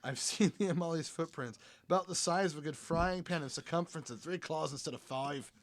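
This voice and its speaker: A man voicing an old colonial trader in a put-on mix of Australian and Scottish accents, telling swamp legends loudly and theatrically. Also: a little high, a little fast, voice pushed up, natural voice. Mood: boastful. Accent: mixed Australian and Scottish, put on. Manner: loud, theatrical storytelling with laughs breaking through.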